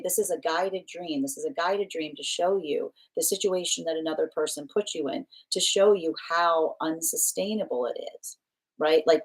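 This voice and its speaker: Low-voiced woman doing a tarot reading, earnest, keeps explaining and repeating herself. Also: low-quality recording. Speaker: tarot reader. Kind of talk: live tarot reading, talking to a client.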